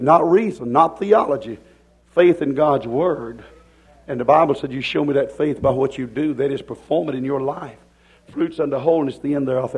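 A man preaching a sermon, swinging between hollering and hushed, drawn-out lines. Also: mid-range voice, slightly rough, poor audio.

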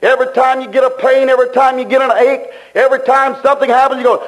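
A male preacher with a strikingly high voice delivers a sermon. He drives his points home through fervent repetition and plain, folksy grammar, and he keeps shifting between quick runs and slow, stressed phrases. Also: poor audio.

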